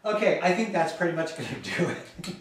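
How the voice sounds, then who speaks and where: Animated man telling a story in an echoey room. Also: on the high side, a little fast, distant mic, slight background noise. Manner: animated, jokey, laughs through the story. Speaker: gardening channel host. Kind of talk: casual vlog storytelling.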